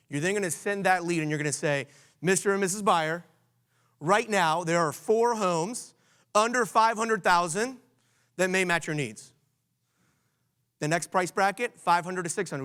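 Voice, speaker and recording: A man from Washington, D.C. hosting a conference session, coaching the audience in an energetic way and quizzing the room with questions. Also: a little high. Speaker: conference host.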